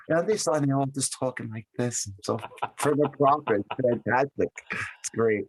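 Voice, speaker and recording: A man's voice: medium pitch, normal speed, husky. A man co-hosting a casual comedy podcast, rambling through stories and acting out the voices he quotes. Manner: rambling storyteller who acts out quoted voices. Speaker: podcast co-host.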